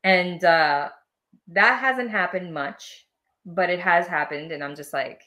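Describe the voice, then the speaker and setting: A woman talking as a guest on a podcast, animated and quick to laugh, sometimes acting out voices as she explains. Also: lowish voice. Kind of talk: casual interview chat.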